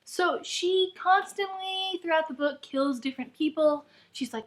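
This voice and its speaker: A woman's voice: sits high, measured pace, hardly any pauses. A woman ranting in a book review vlog, exasperated and full of "like.". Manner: exasperated, heavy use of "like".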